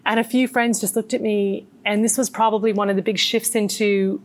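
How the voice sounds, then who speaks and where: A middle-aged woman with an Australian accent, a meditation teacher telling her story as an interview guest in an earnest, animated way. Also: mid-range voice, fairly quick.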